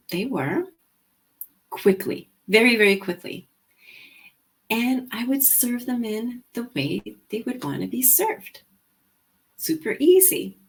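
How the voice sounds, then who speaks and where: A middle-aged woman hosting a show, casually retelling a story with lively quoted dialogue. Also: mid-range voice. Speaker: host and sales coach.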